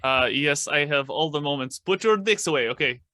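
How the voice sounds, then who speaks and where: A man's voice: a little high, animated, moderate pace, bright, forceful tone, no room sound, studio quality. A man voicing a crude, blunt monk healer in a tabletop game.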